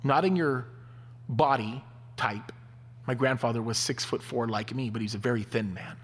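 A man preaching a sermon, telling stories in an animated way. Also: mid-range voice, moderate pace, husky. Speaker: pastor. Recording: long hall reverb.

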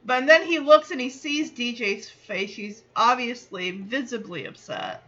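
Brief: woman podcast host, animated recap voice, high pitch, slightly muffled mic. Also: unhurried. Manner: animated, acts out quotes with chatty asides. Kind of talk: casual episode recap.

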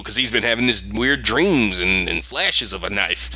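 Lively lo-fi podcast man recapping. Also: on the low side. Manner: animated, acts out characters' lines in quick voices. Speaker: podcast host recapping a TV episode. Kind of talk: casual recap chat.

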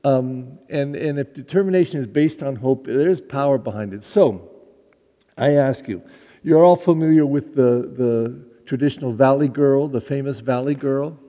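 A man's voice: mid-range voice, normal speed. Man preaching a story-filled sermon. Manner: warm storytelling with lively asides. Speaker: pastor. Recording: long hall reverb.

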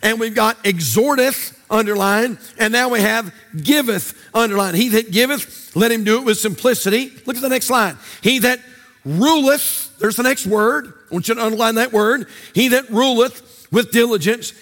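High-voiced pastor preaching. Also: male voice, moderate pace, fairly bright tone. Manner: sing-song preaching cadence, repeating phrases. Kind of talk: sermon. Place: church sanctuary.

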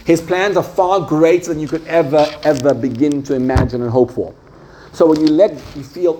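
Animated man teaching a Torah class. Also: on the high side, moderate pace, a little hiss or hum. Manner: animated, conversational, acts out the voices in his stories. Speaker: yeshiva head teaching a class.

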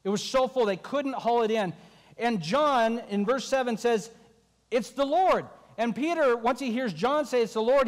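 Male pastor, high register, animated sermon delivery that acts out the voices, reverberant church hall. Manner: animated, acting out the disciples' voices.

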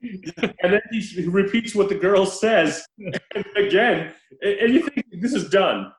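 A man in casual chat, retelling a film with animated, profane storytelling and acted-out lines. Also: sits high, measured pace, roomy sound, rough recording.

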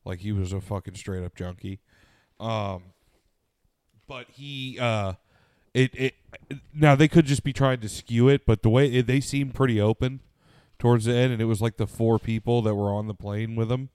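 A man's voice: mid-range voice, fairly even intonation, moderate pace, darkish tone, clean tone, no room sound. A man co-hosting a casual podcast, telling a long story with lots of swearing and fillers, tired and sniffly. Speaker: podcast co-host.

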